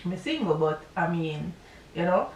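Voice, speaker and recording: A woman's voice: on the low side, expressive, measured pace, reverberant, far from the mic, slight background noise, poor audio. A woman with a Jamaican accent telling a personal story in a casual, rambling vlog, full of asides and checks on the listener. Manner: rambling, chatty retelling with asides. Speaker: vlogger.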